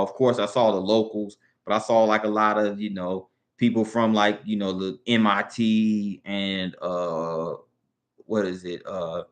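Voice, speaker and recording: A man with a Southern US accent, hosting a casual live stream and rambling in a laid-back way as he thinks aloud. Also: on the low side. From Southern United States. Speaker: livestream host.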